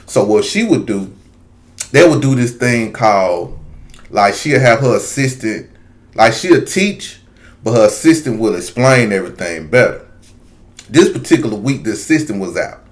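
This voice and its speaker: A man with a somewhat low voice talks straight to his viewers in a loose, casual monologue. He tells a long story, wandering off into frequent asides. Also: animated, normal speed. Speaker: video commentator.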